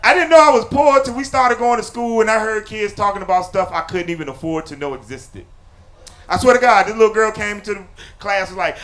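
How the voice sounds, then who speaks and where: A man doing live stand-up comedy on a theater stage, punchy and loud, then dropping low for asides. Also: fast talker. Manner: loud, punchy delivery with sudden drops to low confiding asides. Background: audience laughter.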